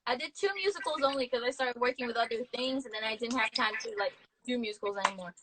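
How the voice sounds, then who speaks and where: A woman's voice: a little high, fast, noisy background. A Brazilian woman with a Brazilian Portuguese accent, a native Portuguese speaker, hosting a casual interview in a friendly, playful way and sometimes searching for English words. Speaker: host.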